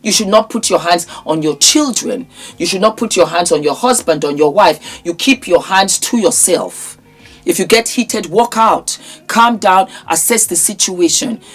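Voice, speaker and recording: A woman's voice: on the low side, normal speed, breathy edge, faint music behind. A woman vlogger with a sore throat, giving an impassioned, scolding commentary with emphatic repetition. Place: in England.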